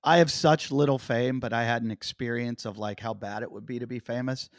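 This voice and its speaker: A man chats on a podcast, telling a story and acting out every exchange with the people in it. His pitch sits at an ordinary middle. He is recorded close and dry, with no room sound. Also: fairly quick, no room sound. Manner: animated storyteller, acting out quotes. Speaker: comedian and podcast host. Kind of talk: casual podcast chat, storytelling.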